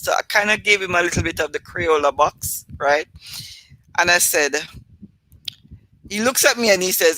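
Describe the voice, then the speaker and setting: A woman's voice: on the low side, lively intonation, moderate pace, sharp tone, a little hiss or hum, rough recording. A Jamaican woman hosting a livestream, reading a poem and chatting through a story with her viewers. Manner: chatty, talks straight to live viewers. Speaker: livestream host. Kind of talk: poetry reading and casual storytelling.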